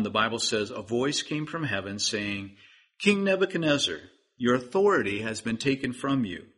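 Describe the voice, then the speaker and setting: A man's voice: mid-range voice, bright, forceful tone, breathy edge. A man preaching a sermon as pastor, earnest and pleading, speaking directly to his listeners.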